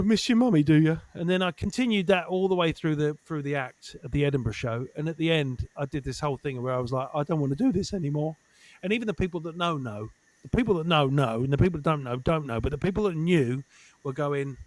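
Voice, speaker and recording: A man guesting on a podcast, chatting casually as an animated storyteller who swears and acts out quoted voices. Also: on the high side, no echo. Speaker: guest comedian.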